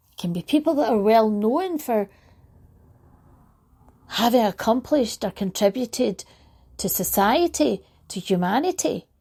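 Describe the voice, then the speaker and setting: A woman's voice: on the high side, breathy edge. A woman giving a reflective motivational talk, telling a story in an anecdotal way. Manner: warm anecdotal storytelling, laughs lightly. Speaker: motivational speaker.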